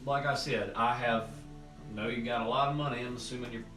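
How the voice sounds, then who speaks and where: A man voices a townsperson at a game table in a measured, businesslike tone, pausing on fillers. He sits back from the mic in a roomy space, with music playing behind. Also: mid-range voice, fairly even intonation, bright, forceful tone, recorded from a distance. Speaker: game master. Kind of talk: voicing an NPC in a tabletop game.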